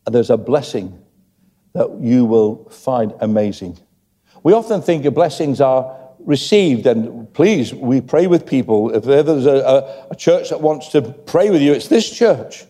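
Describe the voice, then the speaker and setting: A man's voice: medium pitch, animated, unhurried, mellow. An older man preaching a sermon and making chatty joking asides to the congregation. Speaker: pastor. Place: church hall. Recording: long church hall reverb.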